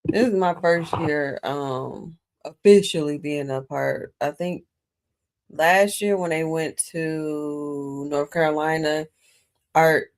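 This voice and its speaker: A woman's voice: sits low, darkish tone. Chatty woman from Detroit, upbeat. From Detroit, Michigan. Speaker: podcast co-host. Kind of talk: casual chat.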